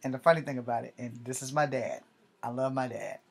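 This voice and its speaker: A man's voice: mid-range voice, fast, gravelly. A man in his forties, an army veteran, telling a personal story in a casual, rambling way, swearing freely and often correcting himself. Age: 40s.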